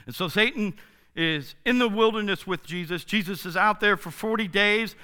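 A male pastor delivers a relaxed, slangy sermon and swings from big excited bursts to hushed asides. His voice sits high, bright and ringing clear. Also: normal speed. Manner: enthusiastic, informal, slangy, dramatic swings in loudness. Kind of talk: casual sermon.

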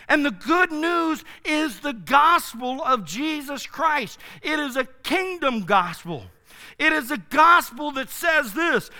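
High, bright-voiced preaching man. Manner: emphatic preaching, slow with drawn-out stresses. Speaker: pastor. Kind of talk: sermon.

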